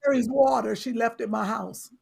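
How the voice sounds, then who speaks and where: A woman co-hosting a comedy talk show, loud and teasing in playful banter. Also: fairly high pitch, steady tone, normal speed, vocal fry, crowd noise. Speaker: podcast co-host.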